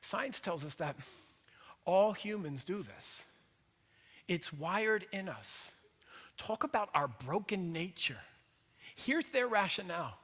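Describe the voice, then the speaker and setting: A man preaching a sermon as pastor, conversational and animated, acting out inner voices. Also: high voice, slow, long pauses. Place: church sanctuary. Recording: long hall reverb.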